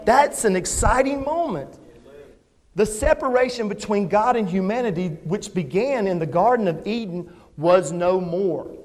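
Pastor, male, higher voice, emphatic sermon delivery, church with long reverb. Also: a little mellow. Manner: earnest, emphatic, asks the congregation questions.

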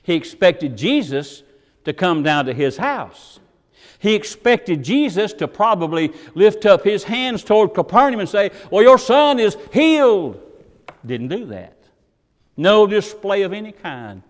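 A man's voice: big pitch swings, unhurried. A man preaching a sermon, dramatically voicing the people he quotes. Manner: dramatic, voices quoted characters with swings in pitch and volume. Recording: long hall reverb.

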